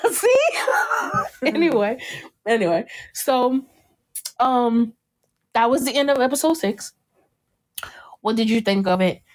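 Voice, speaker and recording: Unhurried and prone to long pauses, this podcast host speaks with a fairly high pitch. The young woman keeps things casual, animatedly acting out scenes from a show and breaking into laughter often.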